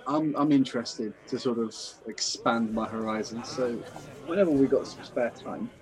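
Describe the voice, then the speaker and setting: A man playing a tabletop role-playing game, deadpan with stammered punchlines. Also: medium pitch, moderate pace.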